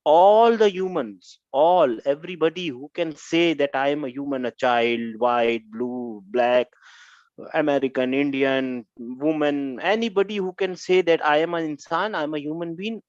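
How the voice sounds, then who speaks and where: A man's voice: on the high side, normal speed, dry recording. Man, grammar teacher, online class, muffled dry sound. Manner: questioning students, repeats phrases, mixes in Urdu.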